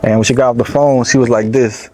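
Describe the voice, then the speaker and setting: Mellow-voiced young Louisiana rapper. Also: male voice, medium pitch, fairly even intonation, quick pace. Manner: loose, rambling, lots of "you know what I'm saying". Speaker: rapper being interviewed. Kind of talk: casual storytelling interview. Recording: faint background noise.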